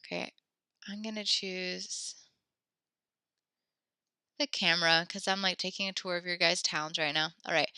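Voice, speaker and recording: A woman's voice: fairly low pitch, fairly even intonation, measured pace, pauses often, bright, forceful tone, clean tone, no echo, studio quality. A woman teaching an online class, talking casually, correcting herself and encouraging her students. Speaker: French teacher.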